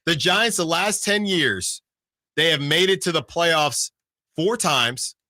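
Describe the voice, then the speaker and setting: A man's voice: on the high side, animated, slow, bright, forceful tone, dry recording, clean studio sound. A man hosting sports radio, reading out team records in casual talk and checking himself as he goes. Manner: reads out records, self-checking.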